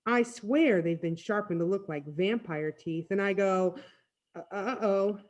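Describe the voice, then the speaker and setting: A woman reading a storybook aloud in first person, with expressive storytelling. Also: fairly low pitch, unhurried. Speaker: reader. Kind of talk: read-aloud storybook narration.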